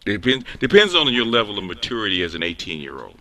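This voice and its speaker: A man hosting a casual online group discussion, talking in halting bursts with many restarts. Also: lowish voice, very animated, sharp tone, no echo. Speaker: host of an online group call.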